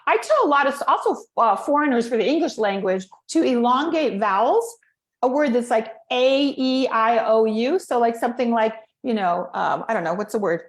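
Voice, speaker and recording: A woman coaching people on speaking, her voice sitting a little high. She keeps acting out her own tips as she talks. The room around her rings with echo. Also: moderate pace. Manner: animated, demonstrates vocal techniques. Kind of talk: casual chat.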